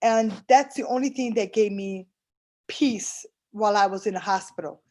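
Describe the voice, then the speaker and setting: A woman's voice: mid-range voice, moderate pace, warm tone. A woman, an early intervention interpreter, giving a personal testimonial and telling her story earnestly while acting out past conversations.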